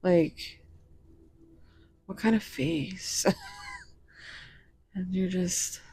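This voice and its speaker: A woman's voice: lowish voice, steady tone, drawn-out words, warm tone, breathy edge. A woman giving a casual tarot reading to viewers, rambling and giggling as she talks to them directly. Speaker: tarot reader.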